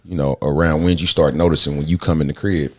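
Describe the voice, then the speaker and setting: A man hosting a podcast, bantering loudly with lots of laughter and swearing. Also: very deep voice, fast, slightly rough. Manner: loud, laughing, animated banter with frequent swearing. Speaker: podcast host. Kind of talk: casual interview chat.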